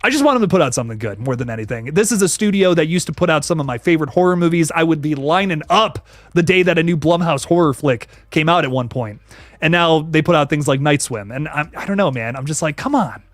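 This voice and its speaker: A young man hosting a casual horror livestream, slangy and animated, thanking viewers by name as he reads the chat. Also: fairly high pitch, quick pace, no echo. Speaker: horror channel host reading live chat.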